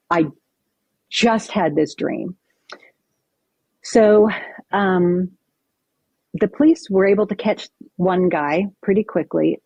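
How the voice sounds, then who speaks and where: Gravelly low-voiced woman telling a story. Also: dry recording, muffled recording. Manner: vivid, animated retelling with acted-out quotes. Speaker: podcast guest. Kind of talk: personal storytelling in conversation.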